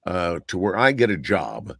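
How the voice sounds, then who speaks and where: A man's voice: low-pitched, very animated, moderate pace, creaky, fairly bright tone, dry recording, studio quality. A man on a radio-style chat show, telling rambling anecdotes and often looping back with "so anyway". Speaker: guest radio personality.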